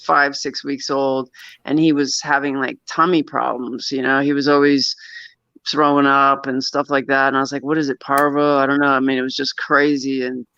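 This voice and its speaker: A man's voice: mid-range voice, level tone, moderate pace, creaky, pushed and bright, clear, resonant tone, no echo. A man casually telling a long personal story as a guest, rambling with frequent restarts and nervous little laughs. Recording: dull, lo-fi sound.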